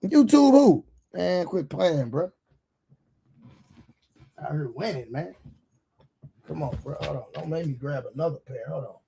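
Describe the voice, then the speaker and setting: A man with a hoarse voice hosting a livestream, chatting loosely with viewers in slangy banter full of repeated fillers. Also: fairly high pitch, a little slow, pauses often, dark tone, a little hiss or hum. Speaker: livestream show host. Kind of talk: casual livestream chat with viewers.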